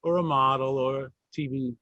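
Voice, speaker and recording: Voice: mid-range voice, steady tone, brisk, bright, forceful tone, no room sound, highs cut off. A podcast co-host from New York, teasing and wry in casual chat.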